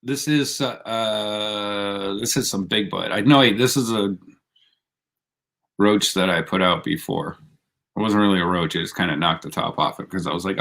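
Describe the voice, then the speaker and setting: A man's voice: fairly low pitch, normal speed, fairly bright tone. A man hosting a casual live stream, laid-back and rambling, laughing often as he chats with viewers. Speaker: livestream host.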